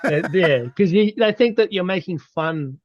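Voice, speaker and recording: A man's voice: high voice, lively intonation, moderate pace, dry recording. Hesitant man, dry muffled audio. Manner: hesitant, full of fillers. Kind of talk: casual conversation. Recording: dry, dull lo-fi sound.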